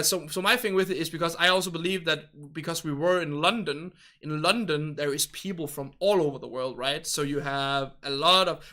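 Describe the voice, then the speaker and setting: A man's voice: a little high, sharp tone. A young man from Denmark, chatting casually with viewers as a livestreamer in a rambling, hesitant, politely hedging way. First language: Danish. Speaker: game livestreamer.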